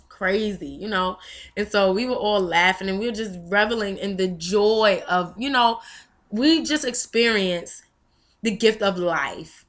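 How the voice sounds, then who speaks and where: A woman's voice: medium pitch, a little slow, a bit bright. A young woman vlogger telling a personal story candidly and emotionally, with frequent fillers. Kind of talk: personal testimony vlog.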